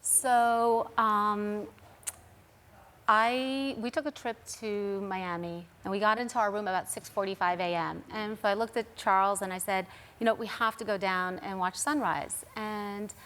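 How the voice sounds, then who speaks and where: A middle-aged woman tells a personal story as a talk show guest. Her pitch sits in the middle, and she speaks earnestly, acting out what others said. The voice is plain and conversational. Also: moderate pace, a bit bright. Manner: earnest, recounting events with quoted dialogue.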